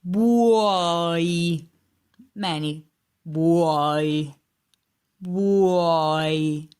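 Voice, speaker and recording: Slow, patient Italian-accented woman teacher. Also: lowish voice. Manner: patient, repeats each word several times. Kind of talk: language lesson, repeating words slowly.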